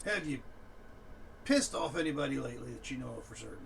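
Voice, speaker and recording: A man's voice: medium pitch, expressive, fast, creaky, a bit bright, distant mic, a little hiss or hum. A man playing a tabletop game, asking wry, pointed questions. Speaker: player. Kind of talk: casual tabletop play.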